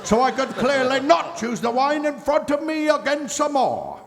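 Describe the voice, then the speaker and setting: A man's voice: extremely high pitch, sing-song, moderate pace, heavily acted. A man playing a pompous, self-satisfied schemer in a live stage reading, laughing at his own cleverness. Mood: smug. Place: convention stage. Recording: reverberant convention hall.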